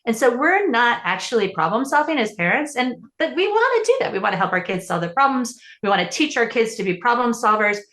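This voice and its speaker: A woman's voice: fairly high pitch, very animated, a little fast, few pauses, fairly bright tone, roomy sound. A woman parenting coach answering interview questions in an earnest, explanatory way, often restarting her sentences.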